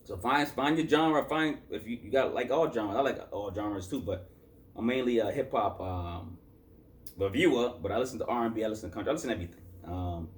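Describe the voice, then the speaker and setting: Speaking fairly quickly in a lowish voice, this Boston man rambles casually through a review of a hip-hop album. Tired from his work shift, he leans on fillers and keeps correcting himself.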